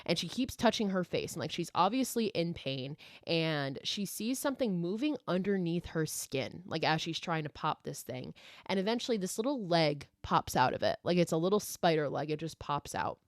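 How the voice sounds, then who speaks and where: A woman's voice: lowish voice, expressive, normal speed, dry recording, studio quality. A woman podcast host recapping a horror film in a casual, chatty way, swearing freely and saying "like" often.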